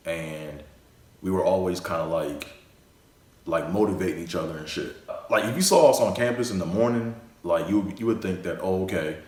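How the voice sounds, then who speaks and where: Deep-voiced young man, rambling story. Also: darkish tone. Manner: rambling, full of "you know" and "like". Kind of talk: casual storytelling. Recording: echoey room.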